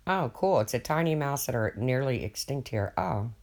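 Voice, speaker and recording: Older guy rambling on his stream, folksy, cusses a lot, reads chat out loud. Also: mid-range voice, lively intonation, moderate pace, gravelly. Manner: rambling, folksy, swears casually. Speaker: livestream host. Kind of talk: casual livestream chat, reading viewer comments.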